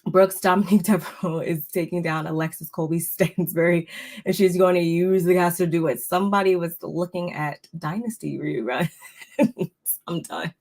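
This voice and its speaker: A woman co-hosting a casual reality TV recap for live viewers, chatty and quick to laugh. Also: lowish voice, steady tone, gravelly, darkish tone.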